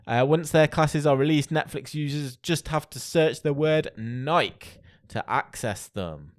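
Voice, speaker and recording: On a relaxed podcast, a male co-host reads entertainment headlines in a conversational manner. His medium-pitched voice is animated, and he moves at a moderate pace with few pauses.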